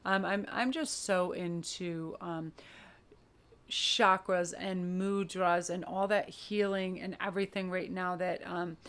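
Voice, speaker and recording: A woman giving a pick-a-card tarot reading in an expressive, flowing, spiritual way. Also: lowish voice, slow pace, clean tone. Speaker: tarot reader.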